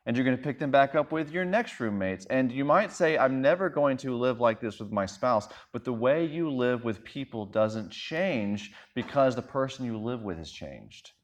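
A man's voice: mid-range voice, expressive, moderate pace, few pauses. A man in his thirties, a pastor preaching a sermon in a conversational, self-deprecating storytelling way.

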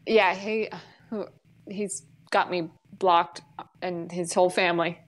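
A woman's voice: fairly low pitch, fairly even intonation, slow, low-quality recording. A woman talks in a loose, blunt podcast chat. She swears freely, laughs often, and keeps trailing off and starting her sentences over. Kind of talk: casual chat.

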